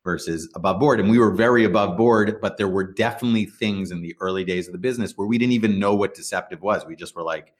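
In a casual interview, a middle-aged startup founder and CEO rambles through his stories, restarting and acting out what people said. He talks fast with hardly any pauses, in a fairly low voice.

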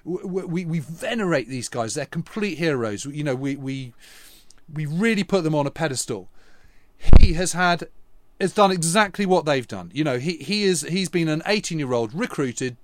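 A man, a historian and podcast co-host, telling a long, earnest anecdote in relaxed conversation. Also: fairly high pitch, moderate pace, no echo. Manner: earnest, emphatic storyteller.

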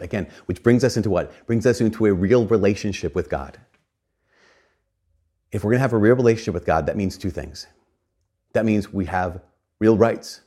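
Male preacher, low-pitched voice, earnest animated sermon delivery, casual asides, frequent restarts. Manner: repeats and restarts phrases.

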